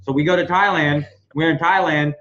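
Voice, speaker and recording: A man's voice: on the high side, a little fast, dull audio. A man hosting a members' business call, rambling and swearing freely while telling stories and giving product updates. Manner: profane, rambling, animated storytelling. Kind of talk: casual business call, storytelling.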